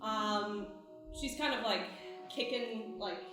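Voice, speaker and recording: A woman's voice: mid-range voice, slow. A woman playing in a live improv tabletop game, casually describing her character. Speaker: player. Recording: distant, echoey live theatre with music.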